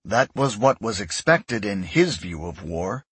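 Husky low-voiced male narrator. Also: very animated, unhurried, dry recording. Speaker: audiobook narrator. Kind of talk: scripted narration.

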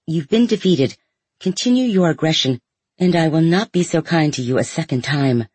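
A man's voice: on the high side, expressive, moderate pace, darkish tone, slightly rough, no room sound, voice pushed up. A man playing a proud, imperious girl princess. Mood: cold, contemptuous. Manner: cold, commanding, contemptuous. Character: proud imperious thirteen-year-old princess.

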